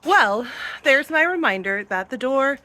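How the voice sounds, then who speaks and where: Chatty farm woman with a lively voice. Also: high voice, measured pace. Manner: chatty, talks sweetly to animals. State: out of breath at times. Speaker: farm vlogger. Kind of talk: casual vlog narration while doing chores. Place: outdoors and in barns on a small farm. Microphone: handheld camera, she films herself.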